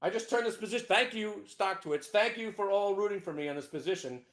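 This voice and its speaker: A man hosting a live market show, ranting brashly about his trades with sudden shouted outbursts. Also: high-pitched, fairly quick. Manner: excitable, loud bursts of shouting, brash. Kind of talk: live trading rant.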